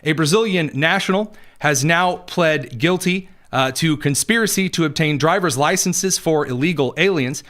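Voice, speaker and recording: A man's voice: a little high, normal speed, hardly any pauses, fairly bright tone. A male podcast host delivering political news commentary in a sarcastic, conversational, digressive way.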